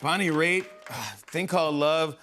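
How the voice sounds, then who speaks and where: Man, talk show host, excited rambling anecdote, laughs often, studio. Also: on the high side, moderate pace, a little hiss or hum. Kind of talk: casual storytelling monologue. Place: TV studio stage.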